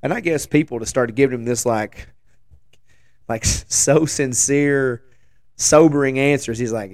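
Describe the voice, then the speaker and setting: A man in his forties with a hoarse voice after the flu, telling a rambling, joking story as a show host. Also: medium pitch, normal speed, dry recording, clean studio sound. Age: 40s. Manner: rambling, self-deprecating, joking asides. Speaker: podcast host. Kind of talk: casual storytelling chat.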